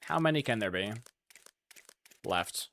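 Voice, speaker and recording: A man's voice: fairly low pitch, expressive, a little slow, creaky, fairly bright tone. A man giving casual, profane, sarcastic commentary while playing a video game. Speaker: gaming streamer.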